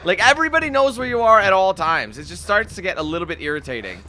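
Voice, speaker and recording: A young man with a high, bright voice commentates on his gameplay, swearing and shouting at the screen. His pitch swings widely between frustration and excitement. Game music hums faintly behind him. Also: quick pace, a little hiss or hum. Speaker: let's play gamer.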